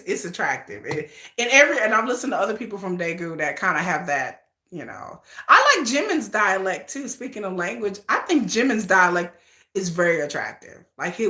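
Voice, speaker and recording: A woman with a medium-pitched voice hosts a casual livestream in a roomy-sounding space. She's chatty and animated, laughs a lot, and talks to her viewers as "y'all."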